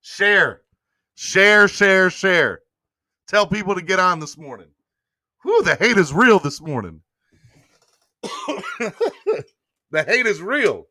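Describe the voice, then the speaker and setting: A man's voice: high voice, slow, pauses often, dry recording, studio quality. A man hosting a casual sports podcast livestream, talking in loose slang and urging viewers to hit like. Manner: animated, slangy, begs viewers for likes. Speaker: podcast host.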